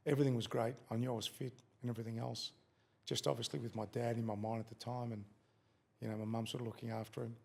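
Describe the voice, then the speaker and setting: A middle-aged Australian man, a former fighter appearing as a podcast guest, casually tells a story, swearing freely and acting out quotes. He talks fast in a medium-pitched, gravelly, darkish voice with little pitch movement.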